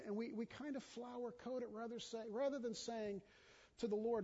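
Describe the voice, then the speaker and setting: A middle-aged man preaching a sermon in an earnest, conversational way, often repeating himself as he speaks, swinging from urgent and loud to quiet and intimate. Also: very high-pitched, fairly even intonation, normal speed. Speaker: pastor. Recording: dull sound with long hall reverb.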